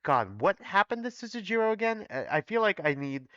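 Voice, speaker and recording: Bright-voiced man rambling casually. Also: high-pitched, very animated, brisk, no room sound, highs cut off. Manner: rambling, filler-heavy, chatty. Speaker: reaction video host. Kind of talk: casual reading reaction.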